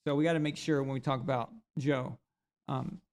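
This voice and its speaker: A man's voice: medium pitch, steady tone, moderate pace, darkish tone. A man hosting a live sports reaction stream, talking casually and animatedly. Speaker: sports show host.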